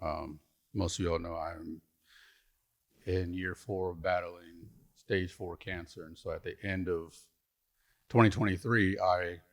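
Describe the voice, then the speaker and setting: A man's voice: sits low, steady tone, measured pace, long pauses. A middle-aged man and retired pastor giving a storytelling conference lecture, folksy and humorous, on a stage mic. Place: conference hall.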